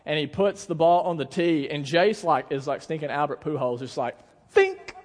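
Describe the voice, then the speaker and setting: A man preaching a sermon as a pastor, in a conversational, animated way, telling stories and asking the congregation questions. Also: on the high side, a little fast, in a large hall. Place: church sanctuary.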